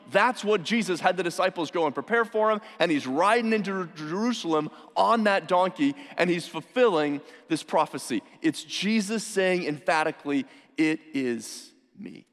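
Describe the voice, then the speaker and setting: A man's voice: sits high, fairly bright tone. A man preaching a sermon as pastor, speaking emphatically and asking rhetorical questions. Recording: long hall reverb.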